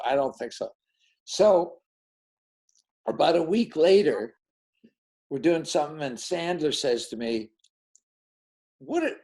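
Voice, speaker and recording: A film director being interviewed, telling behind-the-scenes stories and acting out the dialogue of the people in them. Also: male voice, medium pitch, rough recording. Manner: animated, acts out dialogue in quoted voices. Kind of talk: anecdotal storytelling in an interview.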